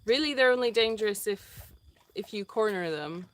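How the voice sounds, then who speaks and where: A woman's voice: mid-range voice, animated, normal speed, fairly bright tone. A woman co-hosting a casual live stream from an animal sanctuary. She talks in a chatty, hesitant way with many "um"s and breaks off to talk to the dogs. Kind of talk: casual live-stream chat, reading viewer comments.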